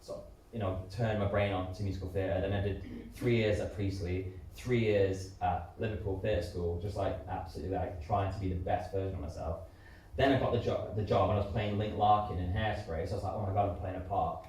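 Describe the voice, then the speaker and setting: A man's voice: sits low, fairly even intonation, brisk, darkish tone. Chatty man in an echoey hall. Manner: chatty and candid, full of fillers and restarts. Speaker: interview guest, musical theatre performer. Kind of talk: live on-stage interview. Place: community centre hall before an audience. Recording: echoey hall, distant mic, faint noise.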